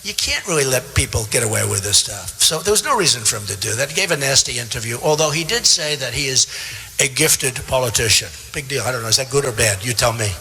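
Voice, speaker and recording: A man's voice: medium pitch, expressive, quick pace, gravelly, bright, forceful tone. An older man in his seventies giving a boastful, rambling campaign speech to a crowd in a large theater. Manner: boastful, repetitive, conversational asides to the crowd. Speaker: political candidate at a rally. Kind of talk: rally speech. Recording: long hall reverb from a theater PA.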